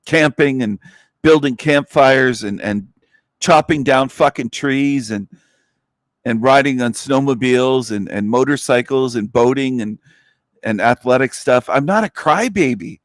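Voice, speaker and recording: A man's voice: mid-range voice, measured pace, no echo, studio quality. Profane, scornful man ranting. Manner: blunt and profane, with scornful laughs. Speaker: livestream host. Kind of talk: angry rant.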